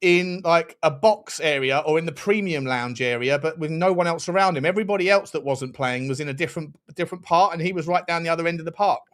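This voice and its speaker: Excitable high-voiced man. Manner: animated, excitable, quick to laugh, swears. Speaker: fan channel host. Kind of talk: live match watchalong chat.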